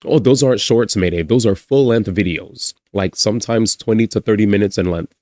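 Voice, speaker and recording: A man's voice: on the low side, brisk, no room sound, studio quality. A young man streaming live, chatting casually with his viewers, laughing often and swearing as he reacts. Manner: animated, laughs often, swears, talks back to chat.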